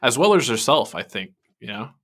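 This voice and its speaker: A man co-hosting a podcast, chatting casually and animatedly about an animated episode, laughing often and quoting lines. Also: mid-range voice, fairly quick. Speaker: podcast co-host.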